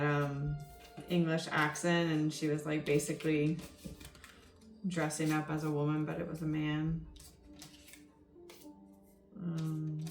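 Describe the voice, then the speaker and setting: A woman tarot reader talking casually and rambling, with many ums and you-knows. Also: deep voice. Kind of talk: casual spoken tarot reading. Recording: roomy echo with faint music underneath. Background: faint background music.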